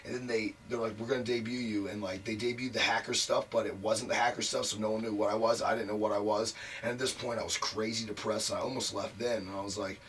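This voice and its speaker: A man's voice: on the low side, level tone, quick pace, few pauses, fairly bright tone, far from the mic. A man telling a long career story as an interview guest, frank and profane, packing his talk with "like" fillers. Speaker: wrestler guest. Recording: voice a bit off mic, faint noise.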